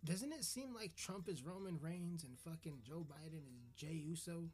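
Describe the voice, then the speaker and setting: A man's voice: fairly high pitch, normal speed, darkish tone, soft background music. A man hosting a podcast, ranting in a crude, sarcastic, swearing comedic style. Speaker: podcast host. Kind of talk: profane comedic rant.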